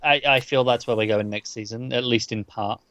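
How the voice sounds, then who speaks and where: A man co-hosting a podcast in casual chat, chiming in with quick agreement and dry asides. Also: mid-range voice, fairly even intonation, fairly bright tone, dry recording. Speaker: podcast co-host.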